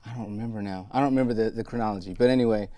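A man from the United States, a guest actor, chatting casually in an interview and telling relaxed stories with frequent laughs. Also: fairly low pitch, very fast, dry recording.

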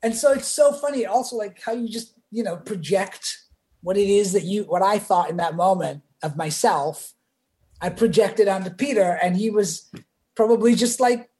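A man's voice: high-pitched, normal speed. A man who is a podcast guest, telling a casual anecdote and acting out the voices of the people in it. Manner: animated, acts out quoted voices. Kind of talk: casual storytelling.

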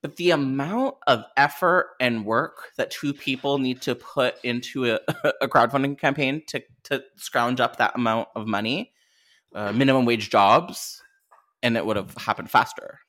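Podcast co-host, mid pitch, lively self-mocking banter, casual chat. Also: moderate pace.

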